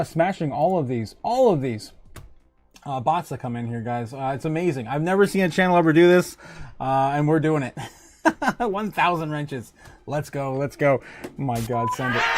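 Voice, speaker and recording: Giggly man hosting a livestream. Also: on the high side. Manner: rambling and jokey, laughs often. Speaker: livestream host. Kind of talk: casual livestream chat reading out viewer comments.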